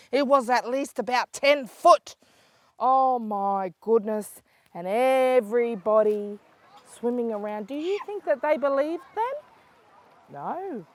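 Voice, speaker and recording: An older woman from South Australia with an Aboriginal Australian English accent, telling a story for children in a lively voice that moves from hushed to excited. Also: sits high, slow pace. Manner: lively, swings between hushed and excited calls.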